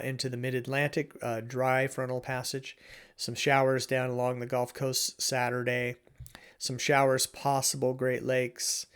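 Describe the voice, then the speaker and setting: Man, weather forecaster, casual, chatty, informal asides, mid-pitched voice. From Oregon, USA.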